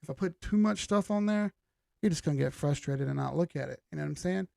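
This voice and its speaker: A man's voice: fairly high pitch, fast, vocal fry, a little mellow, no echo, studio quality. A middle-aged man, hosting a live stream in casual chat, greeting viewers by name with a laid-back manner and the occasional swear. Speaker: livestream host.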